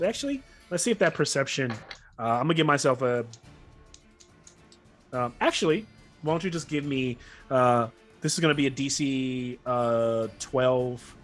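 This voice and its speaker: A man's voice: medium pitch, a bit bright. A man running a tabletop game as game master, talking in a rambling, casual way with many self-corrections.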